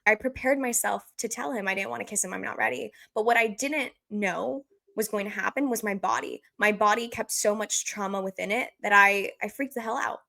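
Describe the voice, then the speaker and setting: A woman's voice: medium pitch, brisk, gravelly, hardly any pauses, bright, forceful tone. Podcast host, woman in her twenties, earnest and open, heartfelt casual chat.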